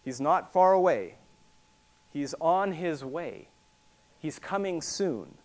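Preacher, male, slightly high voice, teaching sermon that builds to emphatic repeated lines. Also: expressive, slow. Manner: teaching, repeats words for emphasis, rising to forceful passages.

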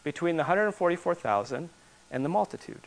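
A man preaching a sermon as pastor, building to loud, emphatic repetition and then dropping to quiet asides. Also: fairly high pitch, lively intonation, quick pace.

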